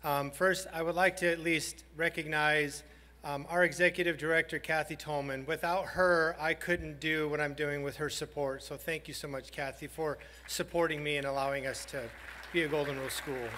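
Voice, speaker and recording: A man, a high school principal, giving a heartfelt banquet speech and telling a story with some halting pauses. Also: steady tone, sharp tone. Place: large banquet hall. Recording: hall reverb.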